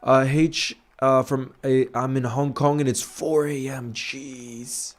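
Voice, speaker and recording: A man who grew up largely in New York hosts a live football watch-along stream, speaking slowly in a mid-range, level voice. Between reactions he chats casually and reads out viewer messages, calling people "bro" and giving them shout-outs in a laid-back, chummy way.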